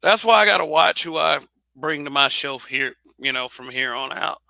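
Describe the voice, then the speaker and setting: A man holds forth alone in a blunt, casual monologue, swearing freely and tripping over restarts. His voice sits a little high and rings very bright, and the recording is dry and close. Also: expressive, normal speed, creaky, dry recording. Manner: blunt, repetitive restarts, profane. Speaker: channel host.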